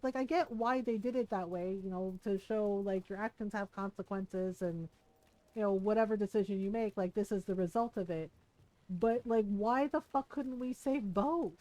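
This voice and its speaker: A high-pitched woman talking casually to her viewers while she plays. She rambles animatedly, drops plenty of swear words, and slips into little voices to act out what her friends said. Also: no room sound, poor audio. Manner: animated, chatty, swears freely, acts out quoted friends. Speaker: game streamer. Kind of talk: casual chat while streaming a game.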